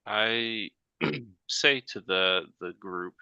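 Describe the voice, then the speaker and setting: Very deep, gravelly male player; slow and deliberate. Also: lively intonation, bright, forceful tone, no echo, lo-fi sound. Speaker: tabletop game player. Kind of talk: casual play description.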